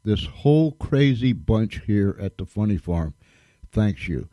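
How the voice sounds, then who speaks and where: A man's voice: fairly low pitch, lively intonation, measured pace, warm tone, dry recording. A man hosting a radio show, thanking listeners in a folksy, emphatic way and repeating himself for stress. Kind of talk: casual radio talk.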